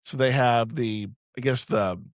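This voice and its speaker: A man's voice: mid-range voice, a little slow, no echo, studio quality. A man co-hosting a casual movie podcast, retelling film scenes with swearing and acting out the lines. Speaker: podcast co-host.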